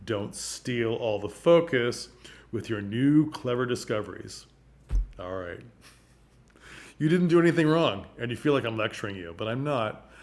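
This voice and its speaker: A man talks to camera about acting for the stage in a casual, emphatic teaching voice. He keeps pausing to check that the listener follows. His voice sits at an ordinary middle pitch for a man. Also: lively intonation.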